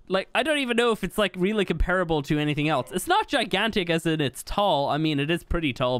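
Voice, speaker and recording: A young man giving casual gameplay commentary, chatty and exasperated, with sudden high-pitched yelps of surprise. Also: a bit bright, smooth, no echo. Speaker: gaming YouTuber.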